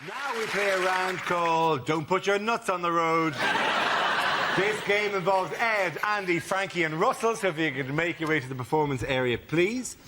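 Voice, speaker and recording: A man hosting a comedy panel show, briskly announcing rounds and topics. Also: high-pitched. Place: TV studio before a live audience. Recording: TV studio with loud audience noise.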